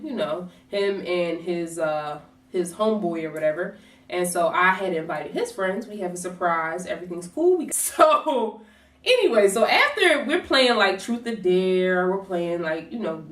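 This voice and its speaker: Animated woman telling a story, roomy echo. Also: on the low side. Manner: animated, swears, acts out quotes. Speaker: vlogger. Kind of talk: storytime vlog. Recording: roomy echo, distant from mic.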